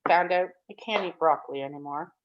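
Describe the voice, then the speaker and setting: A woman's voice: sits low, a little fast, a little hiss or hum. A woman in her thirties or forties giving an emotional, rambling testimonial on a group call. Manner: rambling, upbeat, tearful at times. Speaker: program participant giving a testimonial. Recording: dull lo-fi call audio.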